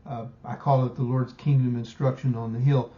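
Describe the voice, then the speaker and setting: A man teaching a Bible study lesson, emphatic and slowing down to stress key words. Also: medium pitch, level tone, mellow, muffled recording.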